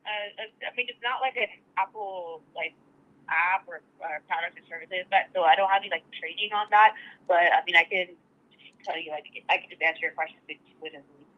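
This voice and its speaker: Support agent, woman, talks quickly, heard over a muffled, lo-fi phone line. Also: on the low side. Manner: quick, chatty, full of "like" and "I mean". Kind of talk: customer support call.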